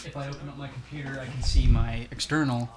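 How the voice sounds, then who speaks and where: A man's voice: medium pitch, flat delivery, quick pace, crowd noise. A man co-hosting a game playthrough, chatting casually and rambling while swearing freely. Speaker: co-host and player. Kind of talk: casual chat over gameplay.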